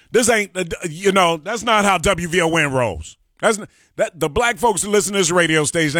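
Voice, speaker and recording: A fired-up man with a Chicago accent rants into a studio mic on talk radio. His voice sits high and rings bright and sharp. The sound is close and dry, with no room around it. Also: lively intonation, moderate pace, few pauses, dry recording. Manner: fiery, preachy, repeats phrases for emphasis. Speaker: radio talk show host. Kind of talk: impassioned political talk radio rant. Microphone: studio microphone.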